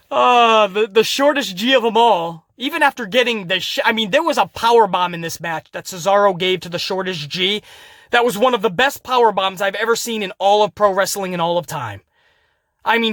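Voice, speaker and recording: A man with a fairly high voice hosts a wrestling recap podcast. He talks in an animated, casual way, curses freely and laughs at his own jokes. The sound is dry and close to the mic. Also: no room sound. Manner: animated, laughing, profane, addresses listeners as guys. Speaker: podcast host.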